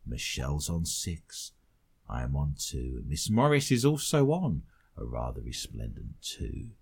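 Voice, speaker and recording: A man's voice: very deep voice, very animated, creaky, darkish tone, breathy edge. A man hosting a comedy podcast, stretching words out for dramatic effect. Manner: theatrical, drawn-out dramatic delivery. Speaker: host.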